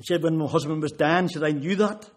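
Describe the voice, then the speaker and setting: A man's voice: fairly high pitch, fast. A man giving a sermon testimony, retelling conversations with rising intensity. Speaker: preacher.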